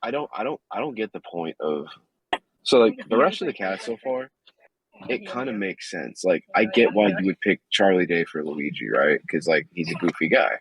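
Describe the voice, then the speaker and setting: A man's voice: low voice, expressive, moderate pace, poor audio. A man in casual podcast chat, talking from a parked car in a blunt, profane manner. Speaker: podcast co-host.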